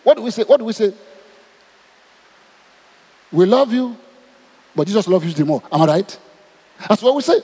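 Animated Nigerian preacher, lively high voice. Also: male voice, moderate pace, long pauses, slightly rough. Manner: animated, asks the crowd questions. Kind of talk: sermon to a congregation. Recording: long hall reverb.

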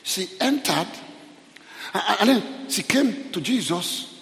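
A man preaching a sermon, pleading with his congregation in an animated way. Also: high voice, slow, creaky. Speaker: pastor. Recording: echoey hall reverb.

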